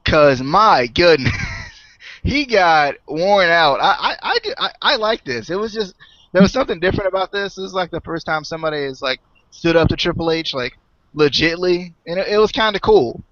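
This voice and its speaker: Young male co-host, chatty and laughing, higher voice, dry muffled call sound. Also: animated, normal speed, fairly bright tone, no echo. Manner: chatty, laughs often, trails off. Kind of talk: casual review chat. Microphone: online call mic.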